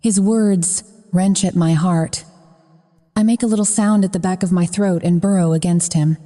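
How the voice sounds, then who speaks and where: Female audiobook narrator, low-pitched, intimate first-person delivery; lingering reverb on the recording. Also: steady tone, normal speed, dark tone.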